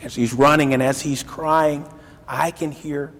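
A male pastor preaching a sermon, telling the story dramatically and swinging from loud lines to hushed ones. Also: medium pitch, steady tone, unhurried. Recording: long hall reverb.

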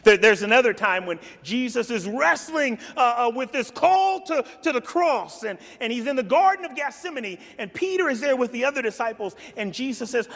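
A male pastor preaching a sermon, telling the story dramatically and swinging from loud lines to hushed ones. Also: very high voice, lively intonation, normal speed, gravelly, few pauses. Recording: long hall reverb.

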